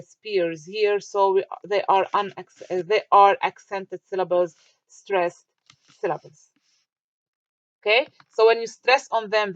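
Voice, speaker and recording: A woman's voice: mid-range voice, no echo. A woman teacher giving a recorded lecture, explaining step by step, asking questions and answering them herself, with fillers and restarts. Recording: dry, muffled lo-fi.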